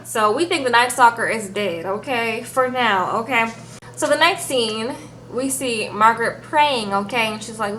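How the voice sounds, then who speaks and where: A woman giving a casual, animated recap of a TV episode, peppering it with "girl" and "okay?". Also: a little high, a little slow, a little hiss or hum, rough recording. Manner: chatty, animated, says "girl" and "okay?" often. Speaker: TV show recap reviewer.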